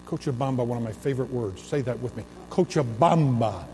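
A man's voice: medium pitch, steady tone, fast, warm tone, a little hiss or hum. A man preaching a sermon in a church sanctuary, building emphasis through repeated, swelling phrases. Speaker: pastor. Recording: long reverb of a large hall.

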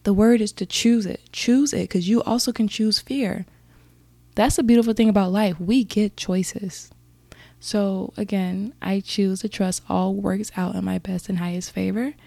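A woman hosts a casual motivational podcast, speaking earnestly and encouragingly to her listeners. Her voice is warm and mellow, and she often wanders into rambling asides. The sound is dry and close, with no room echo. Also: mid-range voice, steady tone, a little slow, creaky. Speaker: podcast host.

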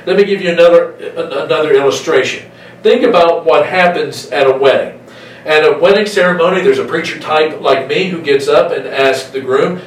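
A man preaching in a roomy, reverberant space, his voice coming from some distance off the mic. He is emphatic, drawing out the key phrases slowly. Faint room ambience sits underneath. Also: on the high side, slight background noise. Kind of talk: sermon.

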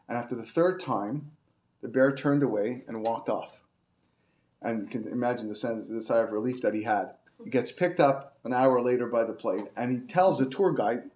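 A man gives an informal Torah class woven in. He halts and restarts often but grows animated as he tells stories. His voice sits at a middle pitch. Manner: halting, many restarts, animated when telling stories. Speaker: Torah teacher.

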